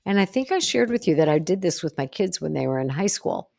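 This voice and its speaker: A woman's voice: sing-song, brisk, vocal fry, darkish tone. A middle-aged woman psychologist hosting a solo podcast, teaching emphatically and acting out example conversations. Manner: emphatic, acts out example dialogues, punctuates with "boom".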